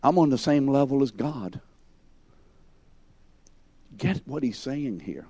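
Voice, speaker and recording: A man teaching a Bible class at an unhurried pace, his voice mellow and dark. He puts questions to his students and calls on them by name. He stresses his points and walks them through the scene as if they were there. The sound is dry and close. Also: medium pitch, lively intonation, slightly rough, dry recording. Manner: emphatic, acts out scenes in second person.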